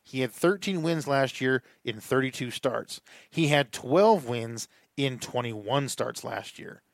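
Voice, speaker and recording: A man's voice: mid-range voice, lively intonation, slow, vocal fry, dry recording, clean studio sound. A man co-hosting a podcast, giving opinionated views in casual chat and thinking aloud. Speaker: podcast co-host. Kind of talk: casual fantasy baseball chat.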